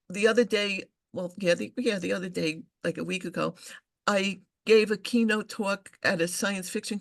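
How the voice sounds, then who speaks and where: An older female English professor recalling her career in an interview over a video call, hesitant and full of restarts. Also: medium pitch. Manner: hesitant, with frequent restarts and fillers. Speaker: English professor and science fiction scholar. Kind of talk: interview, conversational recollection.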